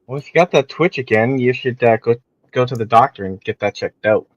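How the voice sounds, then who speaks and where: A man's voice: mid-range voice, brisk, no echo. A Canadian man with a Canadian accent chatting casually and joking, laughing often, as a guest on a livestream. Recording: muffled call audio with clear background noise.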